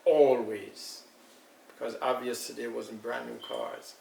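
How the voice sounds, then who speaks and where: An older Jamaican man with a gravelly voice tells family memories at an easy, reminiscing pace. He sits well back from the mic in an echoey room with a faint hiss of noise underneath. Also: mid-range voice, flat delivery, a little mellow, far from the mic. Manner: unhurried, reminiscing storyteller. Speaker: elder being interviewed. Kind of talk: casual recollection.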